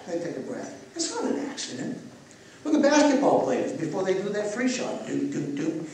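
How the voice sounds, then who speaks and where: A man teaching breathwork to a live audience, moving between calm guided instructions and playful, jokey asides. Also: high-pitched, normal speed. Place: live festival session. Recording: echoey, distant room recording with noise.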